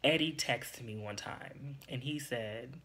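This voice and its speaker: A man's voice: mid-range voice, slow, bright, forceful tone. A candid young man confiding his story. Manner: emotional, confiding, a little teary. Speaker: podcast host.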